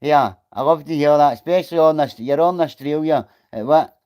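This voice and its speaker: Fairly quick and smooth, with a dark tone and a pitch on the high side, this middle-aged Scot reads his livestream chat. He answers viewers casually and bluntly, swearing as much as he likes.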